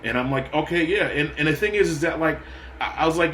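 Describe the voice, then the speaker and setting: A man's voice: on the high side, fast talker, fairly bright tone. Agitated, swearing man in an echoey room. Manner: agitated, profane, rambling with many restarts. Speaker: vlogger. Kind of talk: angry venting to camera. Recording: echoey room with faint ambient noise.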